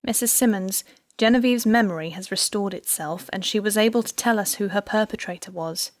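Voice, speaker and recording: A composed female detective from an audiobook, speaking in a measured, authoritative tone with a slightly raised, firm delivery, as a woman reader does her. The sound is dry and close. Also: medium pitch, dry recording, lightly acted. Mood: calm. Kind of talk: audiobook character reading.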